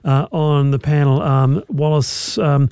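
Teasing radio host, slightly high, mellow tone, dry close mic. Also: male voice, unhurried, clear, resonant tone. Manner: playful, chatty, teasing. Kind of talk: casual radio panel chat. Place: radio studio.

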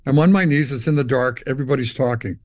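In a storytelling interview, an older Canadian musician guest speaks in a mid-range voice at a quick pace, with no echo. He tells long stories in an animated way, performing the dialogue and imitating guitars.

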